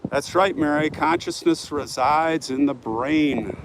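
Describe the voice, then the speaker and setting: A man's voice: a little high, slow. A man walking through a cemetery outdoors, chatting on a phone live stream and answering viewer comments as he goes. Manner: talkative, reads viewer comments aloud and answers them. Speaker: vlogger hosting a live stream. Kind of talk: casual live-stream chat while walking. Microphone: phone held while walking. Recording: outdoor phone audio with wind noise.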